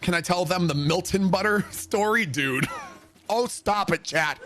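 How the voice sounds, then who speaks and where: Male streamer, slightly high voice, casual profane storyteller, faint background music. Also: a little slow. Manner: profane, laughing, swings into loud shouted impressions. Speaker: livestreamer. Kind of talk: casual storytelling while gaming.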